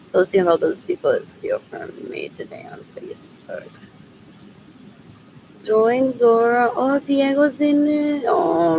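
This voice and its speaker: A woman's voice: on the low side, creaky, background noise. A woman rambling on her own in a loose solo stream, mixing in Spanish phrases and drifting between mumbling and whispering. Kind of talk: rambling solo livestream talk.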